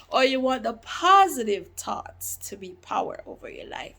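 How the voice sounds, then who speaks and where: Slow-talking woman vlogger, chatty. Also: on the high side, expressive, fairly bright tone. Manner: chatty, repeats quotes with rising emphasis. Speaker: vlogger reviewing books. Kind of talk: casual book talk to camera.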